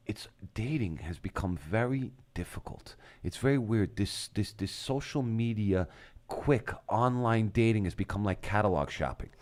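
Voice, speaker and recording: A man co-hosting a casual talk show, telling stories in an animated way and swearing freely. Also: fairly low pitch. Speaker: co-host. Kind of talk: casual chat.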